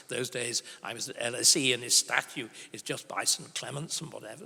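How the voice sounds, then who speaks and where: An older man, a historian, speaking at a conference in an emphatic, grave and forceful way. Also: mid-range voice, brisk, vocal fry, hardly any pauses, slightly rough. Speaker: historian giving a conference talk. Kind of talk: conference speech and Q&A answer. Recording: reverberant conference hall.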